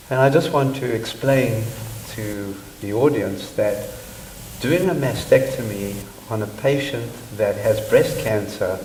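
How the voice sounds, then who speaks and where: Measured male surgeon in a roomy space. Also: lowish voice, darkish tone. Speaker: surgeon on a panel. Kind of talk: explanatory panel answer. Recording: roomy echo, faint background noise.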